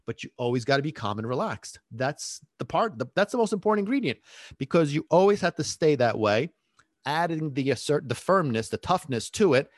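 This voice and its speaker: A man's voice: fairly high pitch, sing-song, fairly quick, no echo. Dry, rambling male dog-training podcaster. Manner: rambling, chatty, laughs at his own tangents. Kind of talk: casual podcast monologue.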